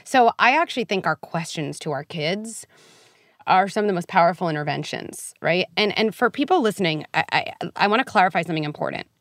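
A woman speaking as a guest psychologist in a podcast interview, earnest and animated, peppering her points with "like" and "right?". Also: on the low side, no room sound, studio quality. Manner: animated, earnest, quick asides; frequent "like" and "right?" fillers.

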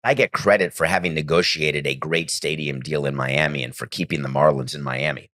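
A man's voice: a bass voice, fairly even intonation, fairly quick, pushed and bright. A man speaking as an interview guest, a former baseball team president, blunt and self-assured. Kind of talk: interview clip.

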